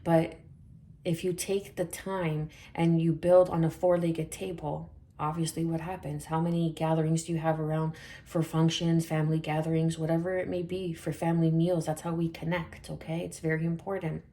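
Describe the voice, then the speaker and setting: A woman talks viewers through a tarot reading in a low, mellow voice. She keeps it chatty and reassuring, stumbling over words with fillers and small laughs. Her tone stays fairly even throughout. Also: moderate pace. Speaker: tarot reader.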